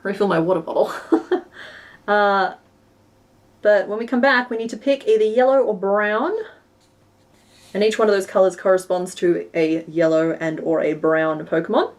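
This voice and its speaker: A woman's voice: medium pitch, moderate pace, pauses often. A young woman with a West Australian accent, chatting casually with viewers on a live stream while she crochets. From Western Australia. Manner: chatty and self-deprecating, narrating her hands-on work.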